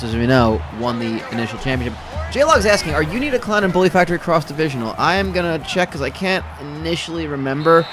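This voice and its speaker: Dry rambling male play-by-play caller. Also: fairly high pitch. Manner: rambling, self-correcting, dry humor. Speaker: play-by-play commentator. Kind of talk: simulated game commentary over a stream.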